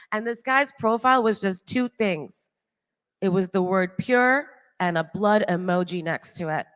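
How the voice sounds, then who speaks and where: A woman in her late thirties performs stand-up on a large hall stage. She talks in a chatty, animated way, tossing out asides and laughing at her own punchlines. Her mid-range voice carries a long hall reverb through the stage mic. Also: mid-range voice. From Toronto, Canada. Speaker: stand-up comedian. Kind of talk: live stand-up set.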